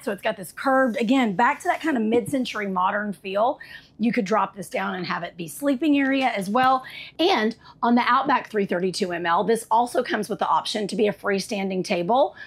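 A woman with a husky, medium-pitched voice hosts an enthusiastic walkthrough review from inside a travel trailer. She's chatty and sassy as an RV tour host, calling her viewers honey and y'all.

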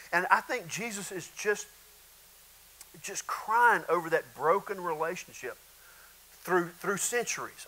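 Male pastor, high bright voice, chatty preaching with loud outbursts. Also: poor audio. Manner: conversational preaching with bursts of shouting and laughter. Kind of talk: sermon.

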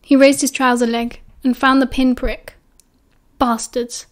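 A woman with a British accent narrating an audiobook in a calm, even storytelling manner. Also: high voice, a little slow.

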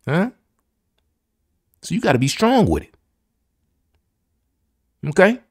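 A man's voice: mid-range voice, dry recording, clean studio sound. A man hosting a podcast, giving an emphatic, repetitive motivational pep talk full of slang. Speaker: podcast host.

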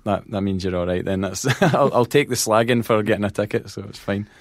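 A Scottish man, a band manager and podcast guest, telling lively anecdotes in casual chat, acting out quotes and laughing often. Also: fairly low pitch, fairly quick, no room sound.

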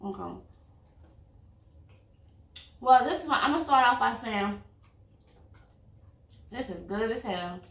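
A woman's voice: a little high, expressive, slow pace, long pauses, fairly bright tone. A woman, talking bluntly and outspokenly in a casual couple chat over a meal. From Louisiana. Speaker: vlog host, girlfriend. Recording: echoey room, mic at a distance.

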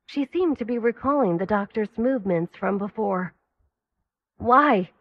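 A woman's voice: medium pitch, expressive, moderate pace, highs cut off. Woman narrating an audio story.

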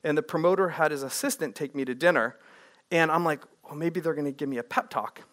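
Man, speaking coach, high voice, lively, quizzes the audience. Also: fairly quick. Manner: energetic, asks the audience questions. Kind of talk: live workshop presentation. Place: room with a live audience.

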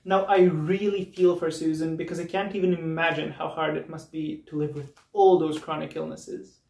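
A man's voice: on the high side, level tone, normal speed, vocal fry, a little mellow. A drag performer from Serbia, a man, delivering a biting comedy roast with mocking punchlines and laughs, recorded on a distant mic. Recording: roomy, distant mic with faint noise.

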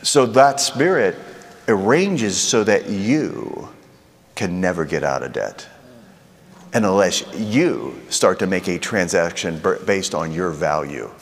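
A man's voice: sits low, animated, slow, long reverb tail. A man preaching a sermon in a conversational way, asking the crowd rhetorical questions.

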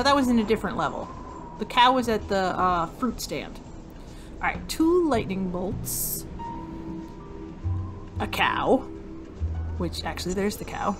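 A woman narrates her own game, thinking aloud as she hunts for items. She speaks slowly and unhurriedly, in a middling voice. Faint music plays under her. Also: medium pitch, animated, fairly bright tone. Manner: slow, musing, talks to herself while searching. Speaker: gamer. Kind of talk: casual let's-play commentary.

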